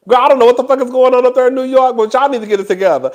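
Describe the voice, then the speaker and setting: Man, high voice, animated, gossipy, laughing often, casual host. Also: moderate pace. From Houston, Texas. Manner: animated and gossipy, laughs often, addresses listeners as "girl" and "child". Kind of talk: casual chat to camera.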